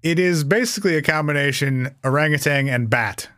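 A man's voice: on the high side, a little fast, fairly bright tone, dry recording, clean studio sound. A man hosting a podcast in casual comedic chat, teasing his co-host with a wry, profane humor. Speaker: podcast host presenting cryptids.

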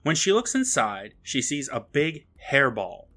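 A man co-hosting a podcast, recapping a TV episode in a lively, casual way. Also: medium pitch, a little slow. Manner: lively retelling with frequent laughs. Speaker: podcast co-host.

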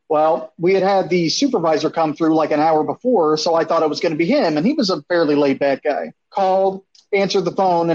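A man casually telling a long, profane story, animated and acting out what people said. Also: on the high side. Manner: animated, profane, acts out quotes. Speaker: storyteller on a podcast. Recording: dull lo-fi sound.

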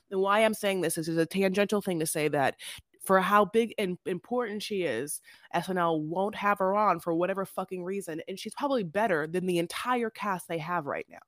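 A woman's voice: fairly low pitch, dry recording, clean studio sound. A woman co-hosting a podcast, chatting casually and sassily, calling people "honey" and swearing freely as she goes off on tangents. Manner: sassy, tangent-prone, peppers talk with "honey" and swearing. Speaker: podcast co-host. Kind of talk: casual reality-TV recap chat.

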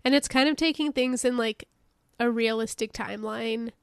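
A woman's voice: a little high, normal speed, gravelly, clean tone, no echo, clean studio sound. A young woman co-hosting a podcast in casual chat, sounding congested and nasal from a cold. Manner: relaxed, frequent "like" and laughs. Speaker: podcast co-host.

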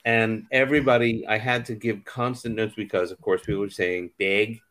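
A man's voice: on the low side, fairly even intonation, brisk, fairly bright tone. A man in his fifties, a theater director, chatting casually and telling anecdotes as a guest. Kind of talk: casual conversation.

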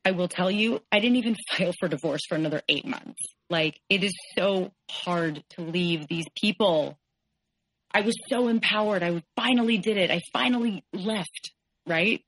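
A woman in her forties speaks in a low voice. She retells a hard stretch of her life with candor, quoting the people involved. She talks as a podcast guest. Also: moderate pace, fairly bright tone, dry recording, rough recording. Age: 40s. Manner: candid, tense retelling, quotes others in shifting voices. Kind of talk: personal story in an interview.

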